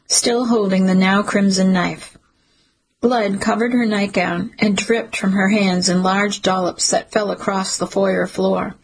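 A woman reading a grim first-person audiobook in a grave, measured way. Her voice is husky and raspy, with a gravelly creak at the bottom of her tone. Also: medium pitch, low-quality recording. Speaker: audiobook narrator. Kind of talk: first-person dramatic narration.

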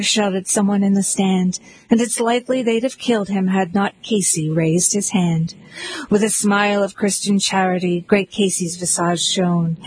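A woman giving an expressive, rhythmic recitation of poetry aloud. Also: medium pitch, a little hiss or hum, low-quality recording. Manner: expressive, rhythmic verse reading. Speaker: poetry reader.

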